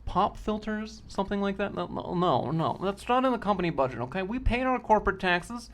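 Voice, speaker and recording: A man's voice: sits high, expressive, a little fast, voice pushed up. A man voicing a pompous, penny-pinching middle-aged corporate boss. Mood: smug.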